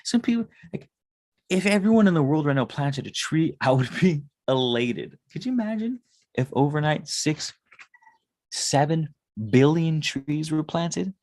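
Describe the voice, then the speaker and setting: Gravelly man in a rambling monologue. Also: on the high side, animated, a little slow, a little mellow. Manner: rambling, swears often. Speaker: tarot reader and spiritual consultant. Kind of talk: casual monologue.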